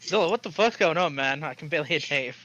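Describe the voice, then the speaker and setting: A man's voice: fairly high pitch, animated, quick pace, pushed and bright, dull audio, slight background noise. A man playing in a tabletop game, talking casually and joking, swearing freely. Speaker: player. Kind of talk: tabletop role-play chat.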